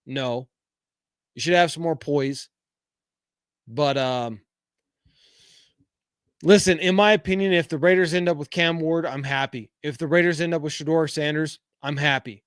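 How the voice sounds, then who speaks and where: A man's voice: fairly high pitch, unhurried, long pauses, clear, resonant tone, no echo, clean studio sound. Frank middle-aged man hosting a podcast. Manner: reads viewer comments aloud, frank, rambling with fillers. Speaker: podcast host. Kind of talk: casual live-chat podcast.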